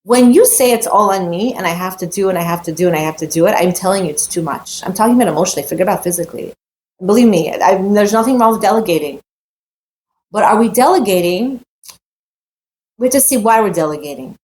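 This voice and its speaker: A woman's voice: mid-range voice, lively intonation, fast talker, a little mellow. A woman giving a heartfelt, emphatic personal Torah talk, repeating phrases and mixing in Hebrew terms. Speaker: Torah teacher.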